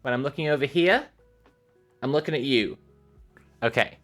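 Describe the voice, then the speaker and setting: A woman streamer chatting casually with her viewers, animated and giggly, rambling with lots of filler sounds. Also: rumbling low, moderate pace, faint music behind. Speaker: live streamer.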